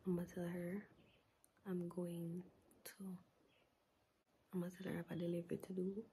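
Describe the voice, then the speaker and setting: Woman, hushed whisper, early morning vlog, quiet. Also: on the low side, vocal fry, slight background noise, low-quality recording. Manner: whispering so as not to wake someone. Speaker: vlogger.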